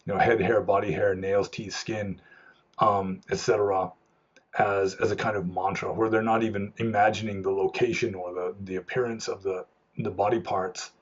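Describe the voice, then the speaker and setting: A man's voice: fairly low pitch, flat delivery, moderate pace, husky, highs cut off. A man, a monk, answering viewer questions in a loose, rambling way, with many restarts and fillers. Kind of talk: unscripted Q&A talk.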